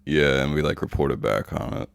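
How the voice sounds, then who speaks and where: A man's voice: rumbling low, moderate pace, creaky, clear, resonant tone, dry recording. A man hosting a podcast, chatting casually with dry, laid-back banter. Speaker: podcast host. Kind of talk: casual chat.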